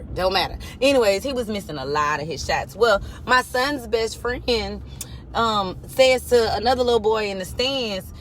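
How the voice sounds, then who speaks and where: A woman, telling a blunt, profane story in a parked car. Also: fairly high pitch. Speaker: vlogger. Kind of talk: casual storytelling rant. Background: faint car noise.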